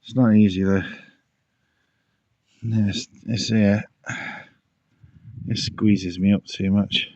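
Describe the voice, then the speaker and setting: Man, slow unhurried DIY vlogger, winded; dry, close sound. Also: lowish voice, little pitch movement, a little mellow, no room sound, lo-fi sound. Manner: muttering, self-talking while working. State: out of breath. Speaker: pond keeper vlogger. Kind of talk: casual DIY vlog commentary. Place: outdoors by a garden pond.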